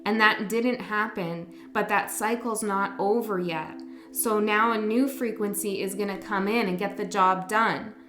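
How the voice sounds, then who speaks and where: A woman giving a casual tarot reading, talking gently and rambling, correcting herself as she goes. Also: medium pitch, steady tone, measured pace. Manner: gentle, rambling, self-correcting, soft laughs. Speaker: tarot reader. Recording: echoey room with faint music.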